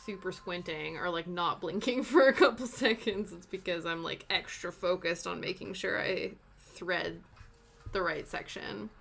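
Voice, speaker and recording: This is a young woman with a British accent worn soft by long years in Canada. She is hosting a relaxed cross-stitch live stream. Her voice is bright and sunny, and her talk is rambling and chatty, full of fillers and quick laughs. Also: fairly low pitch, creaky. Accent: British, softened by long years in Canada. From Britain.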